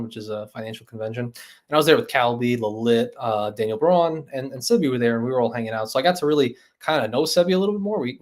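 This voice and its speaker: Guy rambling on a livestream, laughs a lot, mid pitch. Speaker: livestream host. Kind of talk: casual livestream chat.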